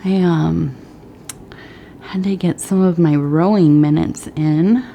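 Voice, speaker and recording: Woman, middle-aged, soft-spoken, partly whispered, rambling, slightly out of breath, low voice, slow. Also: fairly even intonation, gravelly, a little hiss or hum. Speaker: tea leaf reader. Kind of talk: soft-spoken ASMR chat.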